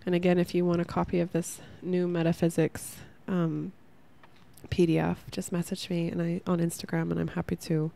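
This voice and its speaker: Gravelly-voiced woman hosting a heartfelt podcast. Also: lowish voice, completely flat delivery, normal speed, dark tone. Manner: rambling, heartfelt, says "like" a lot. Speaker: podcast host. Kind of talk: casual spiritual podcast monologue.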